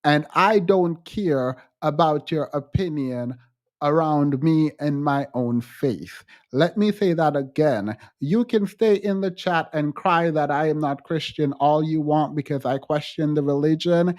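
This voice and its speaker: A man hosting a livestream, talking frankly to his chat in halting restarts and growing emphatic when he quotes others. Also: fairly high pitch, darkish tone. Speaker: livestream host. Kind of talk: livestream chat answering viewers.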